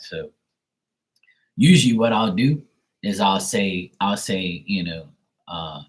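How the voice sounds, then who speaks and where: A man's voice: low-pitched, a little slow, pauses often, breathy edge. A Bermudian man in his thirties chatting casually and rambling on a live stream, with some swearing.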